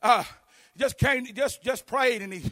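A man preaching a fervent sermon, shouting in bursts and punctuating with amen. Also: very high voice, a little slow, dry recording, clean studio sound. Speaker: pastor.

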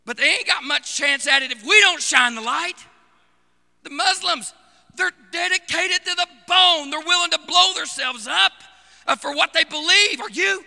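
A male preacher delivering a fervent sermon, swinging from shouted exhortation to hushed, intimate asides. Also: very high voice, moderate pace, creaky, big-room sound.

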